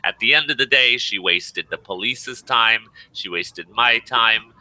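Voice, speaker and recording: A man's voice: medium pitch, unhurried, sharp tone, slight background noise, rough recording. A tired man venting and swearing in casual chat, rambling in exasperation.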